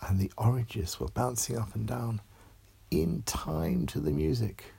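A man telling a bedtime story, in a hushed and animated way that often drops to a whisper. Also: mid-range voice, measured pace, creaky, husky.

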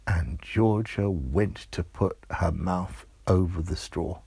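Male storyteller, lively children's tale, husky voice, dead dry room. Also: low-pitched, slow pace, no room sound. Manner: lively, building suspense, playful. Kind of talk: improvised children's story narration.

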